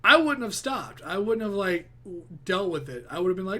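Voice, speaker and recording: A man's voice: high-pitched, sing-song, normal speed, pushed and bright. A man giving casual, profane reaction commentary, rambling with many restarts. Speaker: reaction video host.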